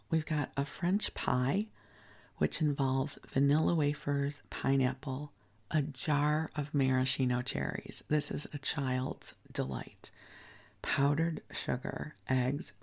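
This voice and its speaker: A woman hosting a sleep podcast, softly reading old recipes aloud with gentle, chatty asides and frequent drops into a breathy whisper. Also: low-pitched. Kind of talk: soft-spoken bedtime reading.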